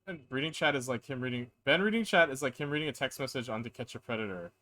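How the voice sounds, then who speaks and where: A man streaming a game live, chatting casually and reading lines in a flat monotone. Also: medium pitch, fast talker. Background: game music.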